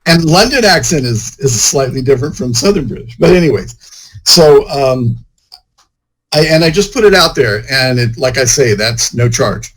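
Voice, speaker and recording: A man's voice: medium pitch, lively intonation, normal speed, low-quality recording. A man, an author, chatting casually in an interview, rambling and full of "you know" fillers. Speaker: author and guest.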